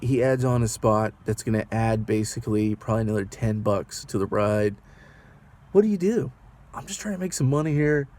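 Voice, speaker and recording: A man's voice: on the low side, normal speed, a little mellow. A man and rideshare driver telling a story in a casual vlog, rambling and anxious, often asking the viewer what they would do. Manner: rambling, anxious, asks the viewer rhetorical questions.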